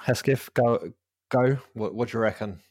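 A man's voice: medium pitch, normal speed, darkish tone, dry recording, clean studio sound. A man hosting a casual football podcast, rambling and laughing often. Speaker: podcast host.

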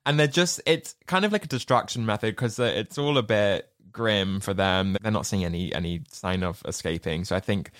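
A man's voice: lowish voice, moderate pace, hardly any pauses, dry recording, studio quality. A man co-hosting a podcast, chatting casually about a film with a playful, laughing manner. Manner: animated, laughing, playful quoting. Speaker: podcast co-host. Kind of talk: casual film review chat.

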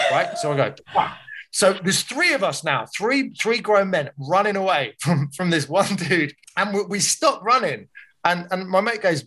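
A man's voice: a little high, husky. Man telling a wild story. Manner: animated anecdote teller, swears freely. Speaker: comedian guest. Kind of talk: casual storytelling chat.

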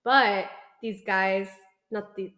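A woman's voice: medium pitch, slow pace, highs cut off. A young woman in her twenties, a podcast co-host, casually telling a story and acting out the people in it. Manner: animated storyteller, acts out quoted customers. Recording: roomy echo.

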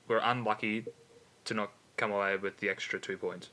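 A man with a low but bright voice chats about football in a laid-back way. His remarks come out dry and matter-of-fact. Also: level tone, moderate pace. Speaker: podcast co-host. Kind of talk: casual sports chat.

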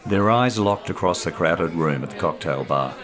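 A man reads his own short story in a measured, clear way. His voice sits very low. His intonation still swings in a lively way. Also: crowd noise. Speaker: author and narrator.

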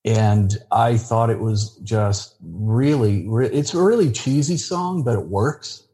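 A man being interviewed on a podcast, speaking in a halting, plainspoken way with frequent restarts. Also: lowish voice, dark tone. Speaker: interview guest. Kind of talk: casual interview chat.

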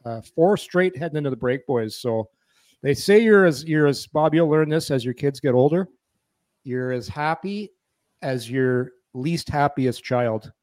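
A man's voice: on the high side, unhurried, darkish tone, dry recording, clean studio sound. A man in his fifties co-hosting a casual sports chat, rambling and restarting his sentences often. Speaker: podcast co-host.

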